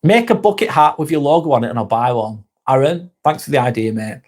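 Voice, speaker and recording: A man's voice: mid-range voice, animated, fairly quick, darkish tone. A man, hosting a casual live stream, chatting to viewers by name, laid-back and swearing freely. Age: 40s.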